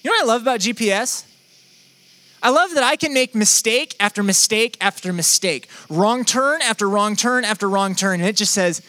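A man's voice: sits high, lively intonation, a little fast, pushed and bright. A young man preaching a sermon in a conversational, playful, self-deprecating way. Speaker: pastor.

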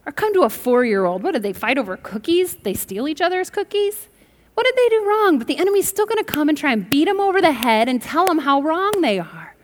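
Woman preacher, high voice, emphatic sermon delivery, congregation prompts, long hall reverb. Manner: emphatic, rising to bursts, asks the congregation to respond. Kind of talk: sermon with storytelling. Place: large church sanctuary.

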